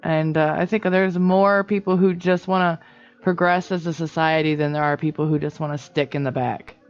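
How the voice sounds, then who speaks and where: A woman's voice: deep voice, steady tone, moderate pace, soft background music. A young adult woman co-hosting a podcast, talking earnestly and rambling a little in casual chat. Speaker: podcast co-host. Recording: slightly dull lo-fi audio.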